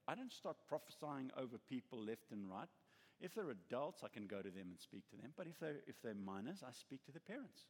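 A pastor preaches a sermon in a church hall, telling stories animatedly and acting out the voices of the people he quotes. His voice is mid-range and slightly rough, and the recording echoes with a long reverb.

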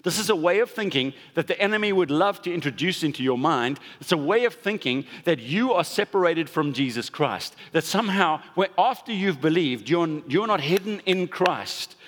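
A man's voice: on the high side, expressive, moderate pace, hardly any pauses, a bit bright. A man pastor giving a conversational sermon, leaning hard on stressed words for emphasis. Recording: long hall reverb.

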